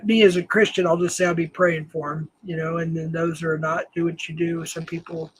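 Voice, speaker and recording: Husky high-voiced older man chatting. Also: flat delivery, fairly quick, dry recording, poor audio. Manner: rambling, self-deprecating, laughs often. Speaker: livestream host. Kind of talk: casual livestream chat.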